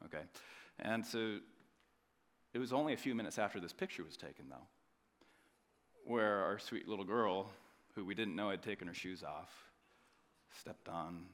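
Pastor, male, 30s, bright forceful tone, storytelling sermon with jokes and big swings in volume. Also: fairly low pitch. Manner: animated, joking, swings between loud emphasis and quiet asides.

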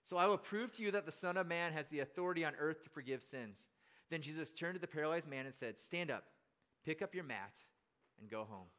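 A man's voice: fairly high pitch, lively intonation, fairly quick, a bit bright. A male pastor preaching a casual storytelling sermon in a chatty, self-deprecating way. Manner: chatty and self-deprecating, with frequent fillers and restarts.

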